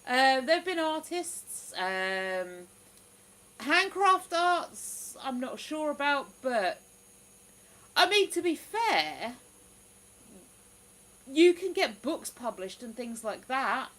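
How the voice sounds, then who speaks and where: Livestream host: woman, slightly high, chatty and exclamatory, reading viewer comments. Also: big pitch swings, slow pace, pauses often, fairly bright tone, poor audio. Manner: chatty, exclamatory, lots of "ooh".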